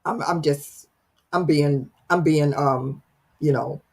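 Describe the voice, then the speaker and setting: A woman's voice: low-pitched, takes it slowly, a little mellow. A woman hosting a casual livestream, reading out viewer comments with a playful, teasing, dramatic manner. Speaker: live stream host reading viewer comments. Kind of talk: casual chat.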